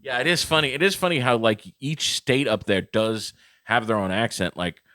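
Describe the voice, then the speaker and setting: A man's voice: mid-range voice, normal speed, sharp tone, no room sound, clean studio sound. A man co-hosting a comedy podcast, talking in a rambling, casual way with many restarts. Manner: rambling, loose, full of restarts and fillers. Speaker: podcast co-host. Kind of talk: casual chat.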